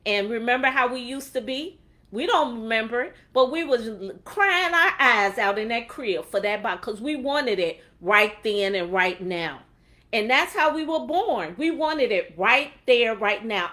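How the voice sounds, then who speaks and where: A woman giving a faith-based motivational talk on a livestream, animated and preachy, acting out quotes along the way. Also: on the high side, a little slow. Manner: animated, preachy, laughs often, acts out quotes. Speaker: motivational speaker.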